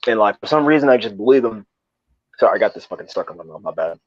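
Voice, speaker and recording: A man's voice: fairly low pitch, animated, fast talker, no room sound. A young man casually telling a rambling, profane story in slangy talk. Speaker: podcast co-host. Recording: dull lo-fi dry sound.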